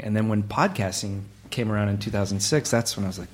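A man's voice: lowish voice, fairly even intonation, brisk, few pauses, a little mellow. A man co-hosting a comedy podcast, telling stories in casual chat and laughing often. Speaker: podcast co-host.

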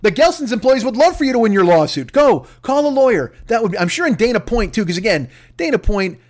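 Angry, sweary comic mid-rant. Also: male voice, sits high, big pitch swings, fast talker. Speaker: comedian. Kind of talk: profane comedic rant.

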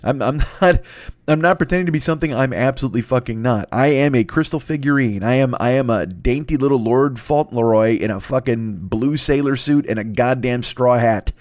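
A man of medium pitch rambles through a comic podcast monologue, swearing freely and poking fun at himself. He often stammers and restarts his sentences. His voice sounds dry and close, with no room echo. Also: fairly quick, a little mellow. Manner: profane, self-mocking, stammering restarts. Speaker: podcast host.

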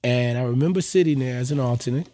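A middle-aged man from Indiana telling a story as a guest on a casual interview show. He talks in a slangy, animated way and often drops to quiet, low asides. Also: fast talker. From Indiana, United States. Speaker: guest, freestyle rapper.

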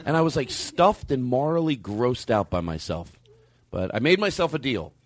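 Profane, animated man hosting a comedy podcast. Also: medium pitch, normal speed. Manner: profane, animated, self-mocking storytelling. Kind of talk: rambling comic monologue.

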